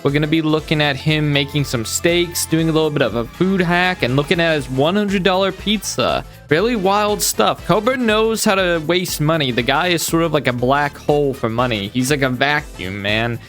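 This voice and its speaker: A man hosts a reaction commentary with a slightly high voice. He rambles on in a sarcastic, mock-admiring tone and keeps turning to his audience. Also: normal speed, few pauses, fairly bright tone, soft background music. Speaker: commentary channel host.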